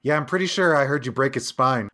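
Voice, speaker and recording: A man's voice: mid-range voice, fast, pushed and bright. A man co-hosting a comedy podcast, speaking in a laid-back, crude, mock-serious way. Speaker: podcast co-host. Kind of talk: comedic banter.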